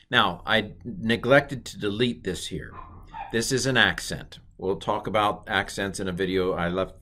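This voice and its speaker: A middle-aged man teaching an online Hebrew lesson in a playful way, with jokey asides. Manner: playful, jokey asides, lively swings in pitch.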